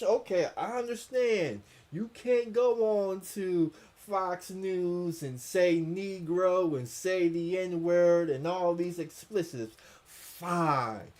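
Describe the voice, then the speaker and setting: A man's voice: high voice, darkish tone. A man hosting a casual commentary stream, reading chat comments aloud with stammering repeats, chuckles and incredulous questions.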